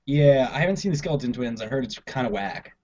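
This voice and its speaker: A man's voice: medium pitch, animated, fast, warm tone. Laid-back swearing man, lo-fi recording. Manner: laid-back, swears freely, laughs often. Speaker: podcast co-host. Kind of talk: casual chat about comedy films. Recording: lo-fi dull audio.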